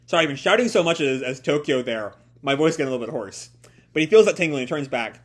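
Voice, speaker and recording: A man hosts a casual live reaction to a comic, thinking aloud as he goes. He often rephrases and doubles back mid-sentence, in a fairly high voice with a lively, swinging pitch. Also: brisk. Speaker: host.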